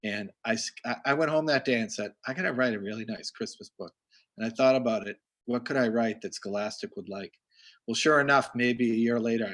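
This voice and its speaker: Male host, mid-pitched, rambling anecdotes, video call audio. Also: a bit bright. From Massachusetts. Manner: rambling storyteller, restarts often. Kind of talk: casual video call chat.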